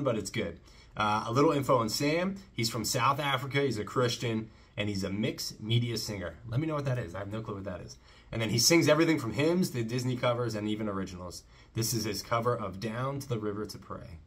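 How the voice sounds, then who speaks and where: A husky, medium-pitched man hosts a casual faith-based music reaction channel. He speaks enthusiastically and slips into brief preaching asides.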